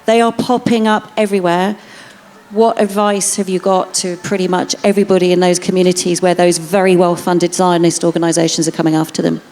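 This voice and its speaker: A woman's voice: lowish voice, little pitch movement, brisk, a little mellow. A woman interviewing a guest at a festival tent talk, putting long, earnest questions to him.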